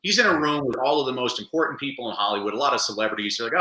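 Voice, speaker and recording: A man being interviewed on a podcast, telling animated stories and acting out the quotes. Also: medium pitch, rapid-fire, echoey room, low-quality recording. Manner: animated storyteller, acts out quotes. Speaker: guest speaker.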